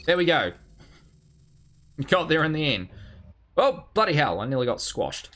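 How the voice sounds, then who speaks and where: A man live-streams a video game in a slightly high, sing-song voice at normal speed with a fairly bright tone. He mutters and hums as he plays, swears freely, mocks himself, and rambles while reading and answering chat.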